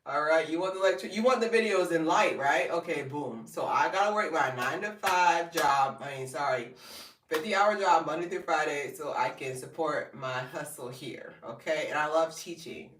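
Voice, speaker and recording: A woman's voice: normal speed, far from the mic, a little hiss or hum. Black woman in her 30s chatting on a live stream, laughs a lot, voice bounces around a roomy space. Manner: animated storytelling, jumps high when quoting people; laughs often, chatty asides to viewers. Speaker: fashion and hair vlogger. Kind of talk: casual live-stream chat. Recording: roomy, set back from the mic.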